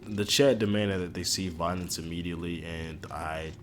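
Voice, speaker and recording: A young man casually commenting while he streams a video game, talking to his chat in animated slang from home. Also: low-pitched, normal speed, slight background noise. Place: indoors at home. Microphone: headphones on, streaming setup.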